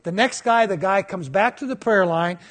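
Preacher guy in his 50s, pretty high voice, telling stories in a sermon, lively. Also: moderate pace. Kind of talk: sermon storytelling.

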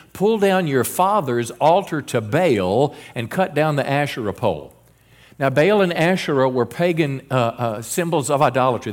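Male pastor, middle-aged, mid-pitched voice, earnest sermon delivery with frequent stammered restarts. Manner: earnest preaching with repeated stammered restarts and quoted scripture.

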